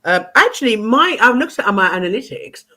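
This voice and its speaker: A woman's voice: on the high side, sing-song, brisk, bright, forceful tone. A woman hosting a casual stream chat, giggly and calling people sweetheart and darling. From South England. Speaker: stream host.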